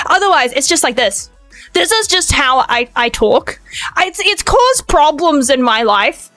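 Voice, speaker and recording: A high-voiced young woman chats on her stream, loud, fast and very emotive. Her pitch leaps up and down as she talks. The sound is close and dry, with faint music underneath. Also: dry recording. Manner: excitable, loud and fast, lots of pitch swings. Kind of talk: casual chat stream.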